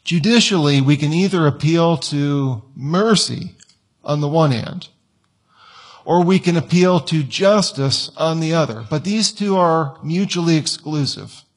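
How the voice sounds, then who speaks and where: A man's voice: on the high side, a little slow. A male pastor preaching a conversational sermon in church, now and then acting out whiny quoted voices.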